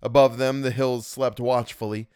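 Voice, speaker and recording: A man narrating a novel in an expressive, measured way. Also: medium pitch, clean tone, no echo, studio quality. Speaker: audiobook reader. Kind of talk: scripted narration.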